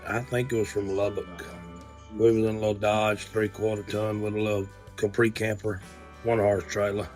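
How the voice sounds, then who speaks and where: A man's voice: fairly low pitch, flat delivery, moderate pace, darkish tone, faint music behind. A man, a friend telling a dry, plain-spoken road story in an interview.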